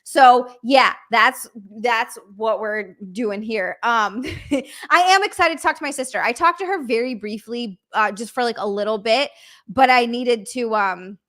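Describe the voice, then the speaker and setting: A young woman on a live stream, her high voice bright and ringing. She gushes and thanks viewers breathlessly, swearing freely as she reads their messages aloud. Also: unhurried. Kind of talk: live stream, reading out super chats.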